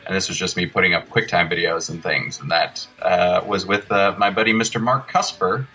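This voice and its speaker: A man's voice: deep voice, fairly even intonation, fairly quick, pushed and bright, husky, highs cut off. A man, a guest filmmaker, telling loose, laughing stories in a casual interview.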